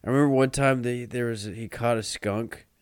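A man in casual chat telling a story in a loose, halting way, with some swearing. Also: mid-range voice, steady tone, smooth, dry recording, clean studio sound.

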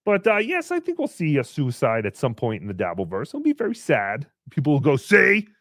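A man's voice: medium pitch, huge pitch swings, a little fast, dry recording, clean studio sound. A man voicing a brash, foul-mouthed puppet who hosts a live-stream show, reading paid messages with crude, sarcastic asides. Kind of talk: live-stream character chat.

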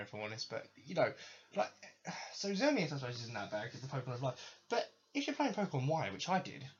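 A man's voice: medium pitch, a bit bright, dull audio. A young man hosting a podcast, ranting in exasperated, sarcastic, sweary commentary. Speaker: podcast host.

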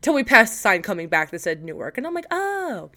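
A young woman from Illinois co-hosting a casual podcast, telling animated stories with swearing and laughter into a podcast mic. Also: on the low side, fast talker. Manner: animated storytelling with profanity and laughter. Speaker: podcast co-host. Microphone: podcast microphone.

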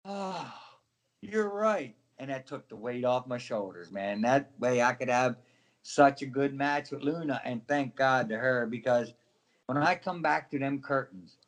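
A middle-aged man, a former wrestler, telling stories in a casual interview and acting out other people's voices as he goes. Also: medium pitch.

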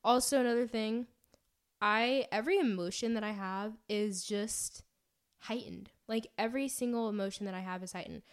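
A woman's voice: on the high side, normal speed. A young woman co-hosting a casual chat podcast, talking animatedly and retelling things dramatically with lots of "like". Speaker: podcast co-host.

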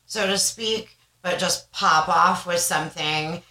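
A woman in her thirties co-hosts a casual podcast. Her voice is bright and a touch low, and she tells stories in a chatty, animated way. The room leaves a clear echo around her. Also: slow pace. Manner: chatty storyteller, animated and reflective. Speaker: podcast co-host. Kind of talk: casual chat. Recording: roomy echo.

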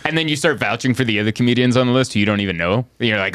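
A man's voice: mid-range voice, rapid-fire, a bit bright, clear, resonant tone, no room sound. A man, a comedian hosting a podcast, riffing and joking in casual chat and laughing often.

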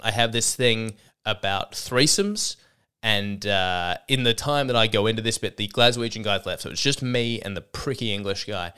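A young man, a comedian hosting a podcast, telling a stage story in a casual, animated and profane way, often acting out the people he quotes. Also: on the low side, moderate pace, clear, resonant tone.

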